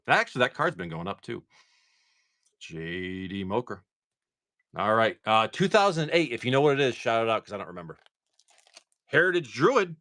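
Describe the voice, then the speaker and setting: A man with a mid-range voice hosts a live stream, chatting casually and excitedly to viewers as he opens card packs.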